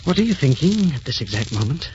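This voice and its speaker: An actor playing Admiral Nelson, an ardent, heroic naval lover, with an earnest, impassioned theatrical delivery in a 1940s radio drama. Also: male voice, fairly high pitch, sing-song, quick pace, a little mellow, slight background noise. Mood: tender. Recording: muffled old radio broadcast with music.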